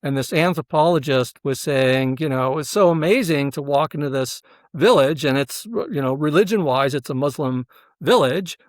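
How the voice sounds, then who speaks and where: A man with a slightly raised pitch talks through his ideas in a dry, close-sounding recording. He explains earnestly, leans on fillers, and keeps checking in with "right?" as he builds his argument. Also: normal speed, no echo. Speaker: professor and researcher, interview guest. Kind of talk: explanatory interview talk.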